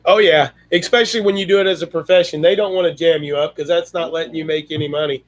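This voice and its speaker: A man hosts a casual homestead livestream in a folksy, effusive manner, thanking guests and heaping praise on them. His speaking voice sits a little high for a man. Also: fairly even intonation, fast talker. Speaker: livestream host.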